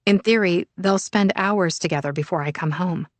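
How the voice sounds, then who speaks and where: A woman narrating a first-person thriller audiobook in a measured, even storytelling manner. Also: lowish voice, no echo.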